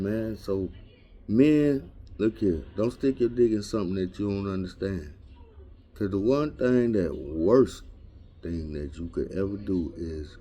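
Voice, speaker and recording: Guy with a deep dark voice going off on a crude slangy comedy rant. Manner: crude, rambling, slangy storytelling. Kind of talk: raunchy improvised comedy rant.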